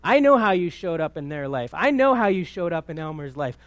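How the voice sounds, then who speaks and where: Higher-pitched man telling a sermon story. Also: sing-song, a little fast, dry recording. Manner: conversational storytelling with many restarts. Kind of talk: sermon testimony. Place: church.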